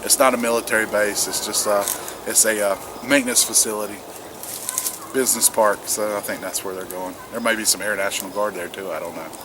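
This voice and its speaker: A prepper vlogger from South Carolina, US, talks to camera in wet woods about preparedness in a casual monologue, earnest but rambling, repeating words and restarting sentences. His voice is on the low side, fairly even in intonation and a little fast. The outdoor camera audio is noisy, with outdoor ambience and a distant aircraft behind him.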